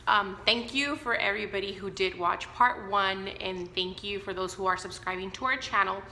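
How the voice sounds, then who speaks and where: A woman's voice: medium pitch, fairly even intonation, normal speed, pushed and bright, echoey room, slight background noise. A woman around thirty talking frankly to her viewers in an unscripted personal vlog, with plenty of fillers and asides. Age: 30s. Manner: candid, talks straight to viewers with many fillers. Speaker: vlogger.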